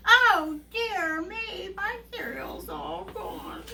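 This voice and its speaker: A woman's voice: very high-pitched, lively intonation, extremely slow, creaky, very noisy, voice pushed up, exaggerated voice. A woman voicing a tiny, worried baby bear cub in a children's storybook reading, with a small, whimpery voice. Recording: distant mic with faint ambience.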